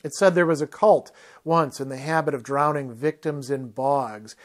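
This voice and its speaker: A man's voice: medium pitch, moderate pace, natural voice. A man reading a novel aloud, voicing a languid, mocking young male twin in a cool, disdainful way.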